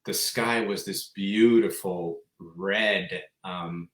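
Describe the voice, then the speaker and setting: A man co-hosting a live spiritual Q&A, telling stories with enthusiasm and sometimes dropping to a soft voice. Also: deep voice, steady tone, drawn-out words, reverberant. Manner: enthusiastic storyteller, soft-spoken at times. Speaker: co-host. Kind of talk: live Q&A chat.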